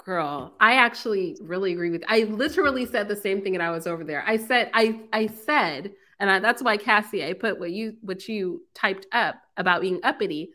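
A woman from San Francisco hosting a call-in show, talking in an animated, frank and emphatic way. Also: mid-range voice, moderate pace, few pauses. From San Francisco, USA. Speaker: host. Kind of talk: casual call-in show chat.

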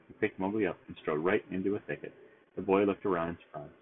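A man reading a bedtime storybook aloud in a steady, gentle way. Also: low-pitched, fast. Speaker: storybook reader. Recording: tinny phone-like sound with faint noise.

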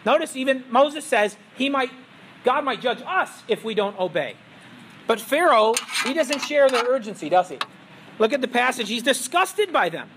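A man's voice: high voice, normal speed, fairly bright tone, slight background noise. A male pastor preaching a sermon in a church, in a conversational storytelling manner full of rhetorical questions.

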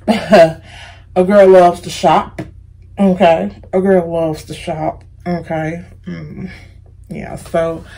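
A woman's voice: lowish voice, creaky, slightly rough, rough recording. A woman with an American accent answering viewer questions in a casual, chatty, playful vlog. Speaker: vlogger.

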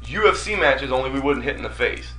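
A man's voice: mid-range voice, expressive, fast, a crowd in the background, low-quality recording. A man co-hosting a casual wrestling talk radio show, rambling and swearing freely as he tells stories. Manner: profane, rambling, storytelling. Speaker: co-host.

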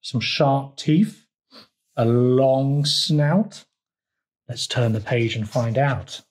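A man reading his picture book aloud for children's storytime, lively and asking the listeners questions. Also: medium pitch, drawn-out words.

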